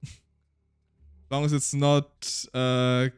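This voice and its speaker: A man's voice: on the high side, animated, moderate pace, faint music behind. A man streaming a game, chatting casually and reading its text aloud, laughing often and tripping over his words.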